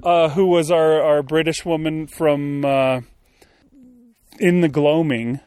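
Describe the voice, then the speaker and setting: A podcast co-host chatting casually outdoors, thinking aloud with fillers. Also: male voice, fairly high pitch, steady tone, slow pace, a little mellow, smooth, no room sound. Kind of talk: casual chat. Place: outdoors on a hill.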